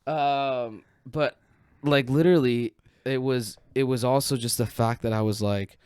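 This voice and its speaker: A young man co-hosting a podcast, telling a story in casual chat, animated and swearing a lot as he acts out what people said. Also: medium pitch, measured pace, clear, resonant tone, dry recording, clean studio sound. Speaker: podcast co-host.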